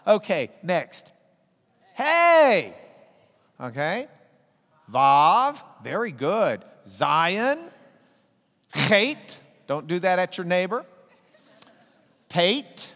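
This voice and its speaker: Speaking very slowly with long pauses, a man runs a Bible class in a spacious hall, his high, fairly bright voice making big swings in pitch. He jokes and coaxes his listeners into repeating the letters, and a long hall echo follows him.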